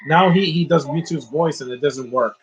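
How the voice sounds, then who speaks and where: A man's voice: on the high side, normal speed, dull audio, a little hiss or hum. A man giving casual live commentary on a movie, opinionated and ranting about what he dislikes. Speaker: film commentator.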